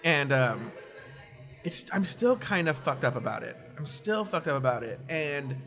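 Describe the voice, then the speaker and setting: Man, casual talk, bright ringing voice, fairly high, candid, animated. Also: unhurried, soft background music. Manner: candid, animated storyteller, does mocking quoted voices. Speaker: podcast guest. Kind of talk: casual conversation.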